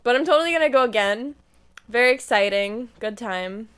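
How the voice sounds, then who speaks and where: A woman's voice: fairly high pitch, expressive, brisk, a bit bright, smooth. A young woman in her twenties chatting casually to her live stream audience, telling a story and acting out what she and her friends said.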